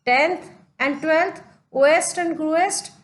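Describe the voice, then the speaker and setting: A woman teacher with an Indian English accent, giving a deliberate lecture on poetry and repeating her points step by step. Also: sits high. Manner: repeats and restates points, deliberate stepwise explanation. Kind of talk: slow classroom lecture on poetry.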